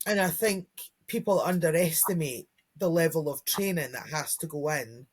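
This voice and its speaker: Low-pitched and slightly rough, at normal speed, a dog trainer talks casually as podcast co-host. Chatty throughout, she acts out what dogs and kids might say.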